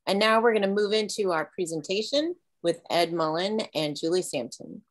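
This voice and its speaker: A woman with a somewhat low voice hosts a video call. She thanks the speaker and introduces the next presenters in an upbeat, encouraging way. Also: lively intonation, moderate pace. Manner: enthusiastic, encouraging. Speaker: host.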